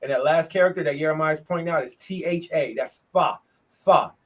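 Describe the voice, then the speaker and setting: A man teaching a bible study on a livestream, preachy and emphatic, swinging between loud bursts and hushed words. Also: fairly high pitch, fairly quick.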